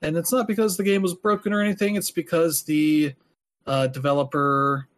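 A man's voice: fairly high pitch, flat delivery, normal speed. A man hosting a podcast, talking casually and rambling with lots of filler words. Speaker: podcast host. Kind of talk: casual chat.

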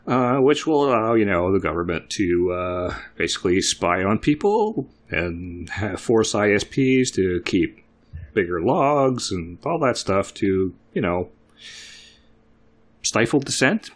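Low-voiced man co-hosting a podcast. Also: big pitch swings. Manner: halting, many fillers. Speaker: podcast co-host. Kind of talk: casual chat.

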